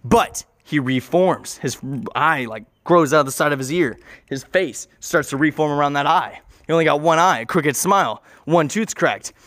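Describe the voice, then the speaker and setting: A man's voice: on the high side, normal speed, a bit bright, no echo. A man improvising a rambling comic story, often interrupting himself and swearing casually.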